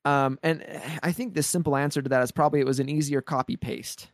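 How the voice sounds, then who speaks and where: A man co-hosting a podcast, talking excitedly in casual chat and rambling with many restarts and repeated words. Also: fairly high pitch, quick pace, few pauses, dry recording, studio quality. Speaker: podcast co-host.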